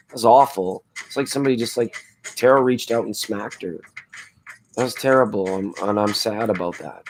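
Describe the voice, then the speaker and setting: A man with a hoarse voice hosting a laid-back late-night tarot livestream, chatting with viewers in a rambling, spiritual way. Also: mid-range voice, normal speed, darkish tone, a little hiss or hum. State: hoarse from screaming at a football game. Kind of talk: casual late-night chat reading viewer comments.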